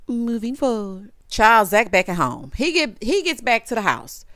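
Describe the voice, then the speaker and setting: A woman's voice: fairly high pitch, moderate pace, no echo, studio quality. A woman recapping a TV episode in a sassy, chatty way, acting out the characters' lines as she goes. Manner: sassy, animated, acts out quotes. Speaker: recap vlogger. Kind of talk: casual TV recap.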